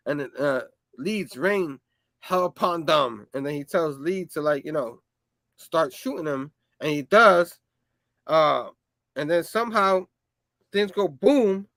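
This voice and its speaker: A man's voice: sits high, sharp tone, dry recording. A man hosting a comic book review show, retelling issues casually in a rambling way, with lots of fillers and hummed sound effects.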